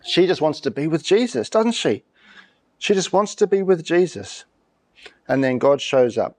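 Animated man preaching a conversational sermon. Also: on the high side, moderate pace. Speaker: pastor. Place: church.

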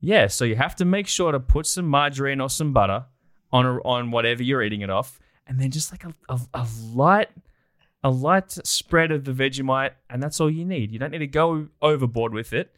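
A man's voice: mid-range voice, expressive, a little fast, a bit bright, dry recording, clean studio sound. An Australian man chatting enthusiastically as a guest in a casual interview. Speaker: guest, documentary producer.

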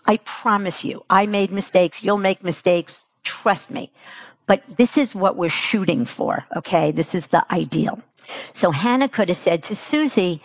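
Woman teaching a parenting workshop, slow and deliberate, bit of gravel in her voice, dry sound. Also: medium pitch, no echo. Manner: slow, emphatic, asks the audience questions. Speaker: parenting coach. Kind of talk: workshop talk.

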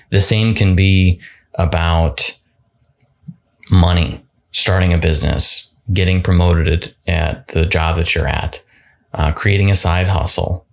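A man hosting a solo motivational podcast, talking casually and often restarting and repeating words. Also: low-pitched. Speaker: podcast host.

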